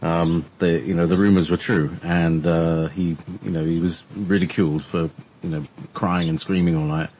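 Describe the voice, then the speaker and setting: A man co-hosting a casual talk show, rambling with sudden pitch swings. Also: steady tone, moderate pace, a little mellow, slight background noise.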